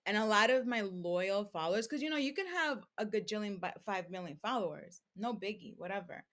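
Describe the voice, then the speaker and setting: A woman's voice: medium pitch, brisk. A young adult woman, a podcast guest, telling her story in casual interview talk, full of "like" and acting out what people said. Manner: animated, acts out quoted speech, many fillers like "like". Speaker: podcast guest, crystal seller.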